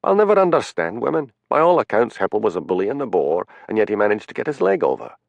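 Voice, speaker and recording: A man's voice: fairly low pitch, big pitch swings, quick pace, creaky, dry recording, highs cut off, pitched above the performer's own voice. A man voicing a blunt, hard-drinking detective in an audiobook, with a sardonic edge.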